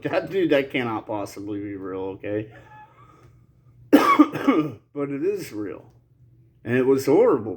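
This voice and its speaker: A man's voice: mid-range voice, darkish tone. Coughing man rambling with nervous laughs. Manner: rambling, laughs nervously through serious talk, slangy. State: coughing, recovering from an illness. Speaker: channel host. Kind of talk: casual monologue to camera.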